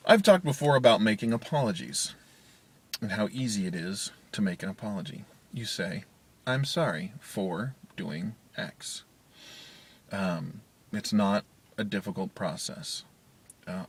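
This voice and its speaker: A man with a low, slightly husky voice talks to camera from his parked car, thinking out loud about being a parent. He rambles candidly, with frequent restarts and fillers. The sound is a small built-in mic in a closed car. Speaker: vlogger, parent. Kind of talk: casual talk to camera. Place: parked car in a parking garage. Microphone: handheld media player's built-in mic.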